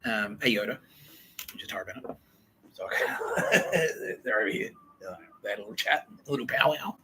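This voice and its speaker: A man's voice: medium pitch, sing-song, noisy background. Swearing man telling a rambling story. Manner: casual, swears a lot, acts out quotes in quick asides. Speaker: podcast host.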